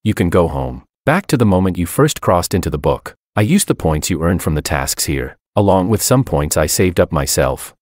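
A man voicing a mechanical, matter-of-fact book-world system with a polite, flat manner. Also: sits low, normal speed, hardly any pauses, no echo, clean studio sound. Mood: calm helpful.

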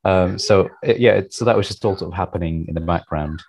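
A man's voice: low-pitched, fairly quick, a little mellow, husky, rough recording. A man being interviewed about his writing, chatting casually and self-deprecatingly, with many restarts and repeated words.

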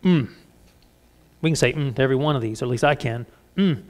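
A middle-aged man preaching a conversational sermon as pastor, candid and self-deprecating with lively asides. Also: medium pitch, rapid-fire.

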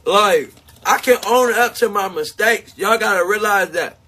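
A man talking live to his supporters in a high, bright voice with a husky, breathy edge. He speaks slowly and emphatically. He repeats himself, laughs between points, and sounds confessional. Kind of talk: casual livestream chat.

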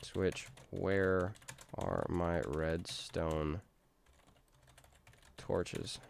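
A man's voice: low voice, fairly even intonation, drawn-out words, gravelly, slight background noise. A man giving casual, rambling gameplay commentary, talking to himself with jokey outbursts. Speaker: gaming streamer.

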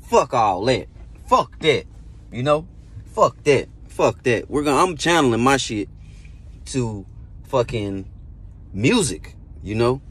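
A man's voice: medium pitch, big pitch swings, takes it slowly, pauses often, breathy edge. A man, a musician, giving a blunt, heavily profane motivational talk, hammering points home by repeating them. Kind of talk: casual motivational monologue.

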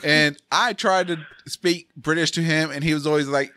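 A man's voice: a little high, animated, moderate pace, sharp tone, dry recording. A young man co-hosting a podcast, joking and laughing often, saying "dude" a lot. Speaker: podcast co-host. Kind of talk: casual banter. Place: Texas.

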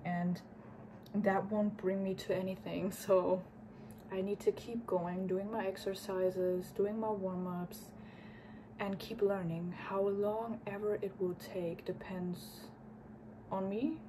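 A woman's voice: mid-range voice, noisy background. A woman chatting casually while reacting to an album, musing aloud and sometimes dropping to a whisper. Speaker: music reaction host.

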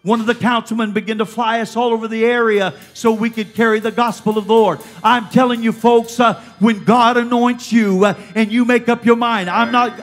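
A woman's voice: fairly high pitch, steady tone, normal speed, hardly any pauses, faint music behind. A woman preaching a fervent Pentecostal sermon at a church service, exhorting the congregation. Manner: fervent, exhorting, with repeated calls of "come on".

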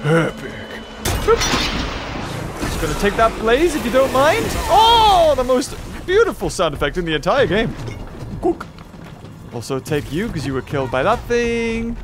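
Excitable high-voiced gamer. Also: male voice, moderate pace. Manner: excitable, chatty, talks to enemies, frequent yelps and laughs. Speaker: gameplay commentator. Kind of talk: let's play commentary. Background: game music.

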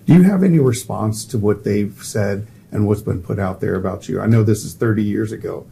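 A man on an editorial board, questioning a candidate haltingly with restarts. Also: lowish voice, gravelly, mellow, slight background noise. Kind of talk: interview questioning.

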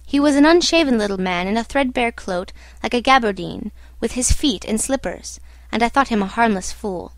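A woman narrating a classic novel as an audiobook in a measured storytelling manner. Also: fairly high pitch, lively intonation, no room sound.

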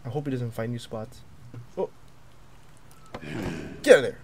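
A young man commentating a horror game as he plays, jumpy and excitable, yelping and taunting the monster. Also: mid-range voice, normal speed, noisy background. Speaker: gaming video creator.

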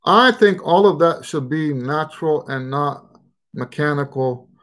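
A man's voice: fairly high pitch, expressive, measured pace, fairly bright tone. An American man with a mixed, shifting regional accent, hosting a trumpet Q&A live stream in a rambling, casual way with many fillers. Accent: mixed American, Texan and Western Pennsylvania touches. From United States.

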